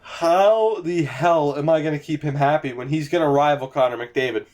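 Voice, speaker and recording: Brief: tired male gamer, higher voice, loose profane commentary. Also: normal speed, darkish tone. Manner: rambling, swears casually. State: sleepy, yawning. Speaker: gaming commentator. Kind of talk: casual let's-play commentary. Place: home gaming setup, in a chair.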